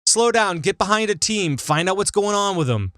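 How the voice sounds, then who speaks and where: Man, podcast host, casual chat, jokey, very animated pitch, bright tone. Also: moderate pace, dry recording, clean studio sound. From Minnesota. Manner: lively, jokey, breaks into big laughs.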